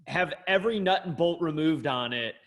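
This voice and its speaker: A man's voice: fairly high pitch, animated, normal speed, a bit bright. Blunt, foul-mouthed man co-hosting a podcast. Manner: blunt, swears freely, joking. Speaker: podcast co-host. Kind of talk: casual chat.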